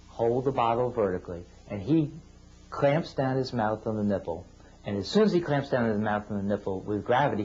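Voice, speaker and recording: A man's voice: lowish voice, a little mellow, slight background noise. A man who works as a clinician, teaching parents step by step in a patient, plain-spoken way. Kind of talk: instructional talk to parents. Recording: dull lo-fi video sound.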